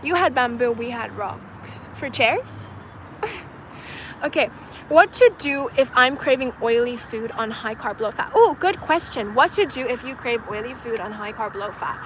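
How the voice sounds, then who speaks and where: A woman's voice: fairly high pitch, expressive, moderate pace, noisy background. A young woman from China hosting a casual livestream outdoors, chatting loosely with lots of "like" and "you know" and laughing often. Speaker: livestream host answering viewer comments. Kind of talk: casual chat.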